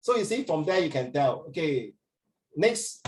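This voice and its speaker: An animated man teaching a class in a Singaporean English accent, his voice sitting a little high for a man. He coaxes and praises his students, switching freely between English and Mandarin. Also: a little slow, a little hiss or hum. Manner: animated, mixes English and Mandarin, coaxing and emotional.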